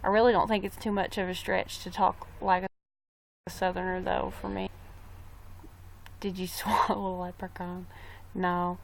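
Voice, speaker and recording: A woman's voice: mid-range voice, little pitch movement, normal speed, vocal fry. A young woman chatting casually on a live stream, rambling about a trip and reading viewer comments aloud. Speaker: livestreamer.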